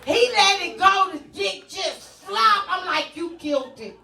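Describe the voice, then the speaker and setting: A woman's voice: very high-pitched, slow pace, gravelly, roomy sound, far from the mic. A woman performing a stand-up comedy set, telling brash, bawdy stories with punchy repetition. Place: comedy club stage.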